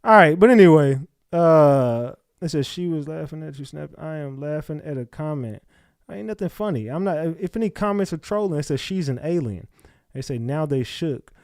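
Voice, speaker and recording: A man's voice: on the high side, expressive, moderate pace, mellow, dry recording, studio quality. A man hosting a livestream, reading chat comments aloud and snapping back at viewers in blunt, profane casual talk. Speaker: livestream host.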